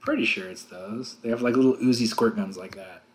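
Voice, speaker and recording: A man co-hosting a casual movie commentary. He is jokey, laughs often and slips into quick impressions. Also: fairly low pitch, slight background noise. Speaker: podcast co-host.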